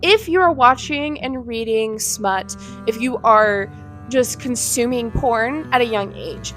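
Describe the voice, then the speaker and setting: High-voiced young woman ranting heatedly. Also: a bit bright. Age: 20s. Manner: heated, indignant and blunt, with swearing. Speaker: vlogger. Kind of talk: ranting commentary to camera. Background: faint background music.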